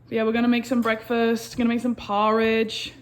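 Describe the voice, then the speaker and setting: A woman's voice: a little high, monotone, brisk, a crowd in the background. A young woman, chatting to her phone camera in a casual, giggly, hyper way. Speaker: swimmer vlogging at competition. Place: hotel and pool area, indoors. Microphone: handheld phone camera. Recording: background noise, ambience.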